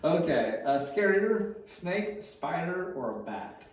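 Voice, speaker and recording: A man, a pastor, interviewing a guest casually, firing off quick questions and agreeing readily. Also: a little high, big pitch swings. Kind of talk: casual conversational podcast. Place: church room. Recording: very echoey room, mic at a distance.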